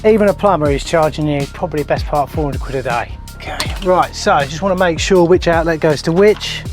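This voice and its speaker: A man's voice: a little high, fairly quick, music in the background. A man, a plumber and channel host, chatting casually and jokily to viewers while he works in a house. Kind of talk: casual DIY vlog chat. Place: house interior and loft.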